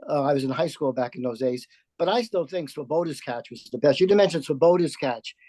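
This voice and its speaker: Man in his seventies, reminiscing, rambling, fairly high pitch, dry close sound. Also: a little fast, warm tone, no room sound. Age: 70s. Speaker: audience member. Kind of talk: casual remarks on a video call.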